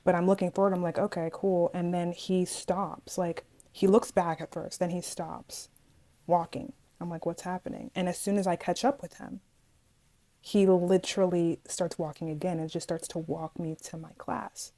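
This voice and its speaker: A woman's voice: fairly low pitch, normal speed, poor audio. A young woman casually telling a storytime to her viewers, chatty and dramatic, often speaking to them directly. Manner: chatty, animated, dramatic asides, addresses viewers as guys. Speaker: vlogger.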